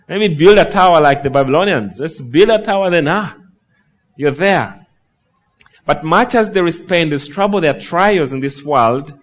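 A man preaching a sermon in a fairly high voice. He rises and falls dramatically and drops to a near hush on solemn lines. He slows right down when he leans on a key word. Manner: preaching with dramatic swings in pitch and loudness, slowing on key phrases. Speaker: pastor.

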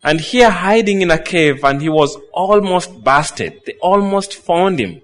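A man preaching a sermon, reading scripture slowly and then retelling the story with quoted lines. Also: sits high, expressive, a bit bright.

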